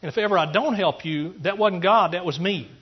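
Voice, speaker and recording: A pastor from East Texas giving an earnest testimony sermon, rambling through restarts and rising into emphatic preaching. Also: male voice, high voice, a little fast, breathy edge, muffled recording.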